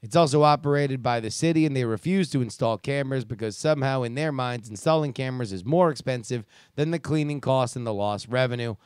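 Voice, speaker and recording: A man's voice: mid-range voice, quick pace, few pauses, a little mellow, clear, resonant tone, no room sound, clean studio sound. A man hosting a casual commentary show who rants in a sarcastic, profane way and reads listener emails. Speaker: podcast host reading listener emails.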